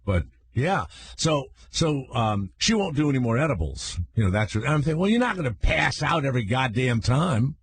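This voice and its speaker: Husky older man telling stories animatedly. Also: normal speed, few pauses, no room sound. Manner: animated storyteller, acts out voices in high excited bursts. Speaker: radio show host. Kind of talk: casual storytelling talk.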